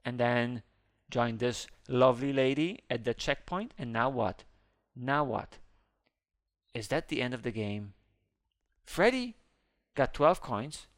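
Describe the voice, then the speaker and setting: A man hosting a casual let's-play, commenting on a game as he plays. He is excitable, swinging between squealing high exclamations and low muttering. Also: a little slow. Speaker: gaming channel host.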